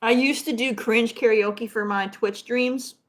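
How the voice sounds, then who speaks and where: A woman's voice: fairly high pitch, fairly even intonation, a little slow, crowd noise. A woman co-hosting a casual gaming podcast, self-deprecating and giggly. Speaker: podcast co-host. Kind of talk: casual chat.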